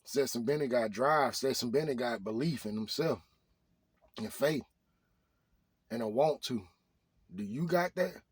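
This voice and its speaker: A man's voice: mid-range voice, measured pace, long pauses, husky, no echo. A man delivering a motivational rant to his viewers, hammering the same rhetorical questions again and again in slangy speech. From Arkansas. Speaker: vlogger.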